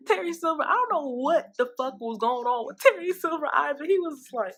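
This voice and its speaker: A woman casually recapping a TV episode in a candid, profane and animated way. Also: high voice, moderate pace. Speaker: TV show recap vlogger.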